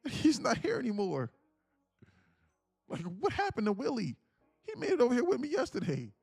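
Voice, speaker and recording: A man's voice: very high-pitched, wildly swooping pitch, normal speed, creaky, darkish tone, husky, no echo, clean studio sound, faint music behind, pitched above the performer's own voice, full character voice. A man voicing a jittery male wildebeest. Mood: puzzled. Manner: worried, musing to himself. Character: nervous cautious male wildebeest in a herd.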